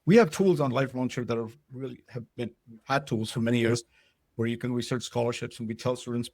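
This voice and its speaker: Speaking briskly in a medium-pitched voice with a darkish tone, a man gives a casual webinar talk with no echo in the recording. His delivery is loose, packed with fillers and frequent checks on whether listeners are following.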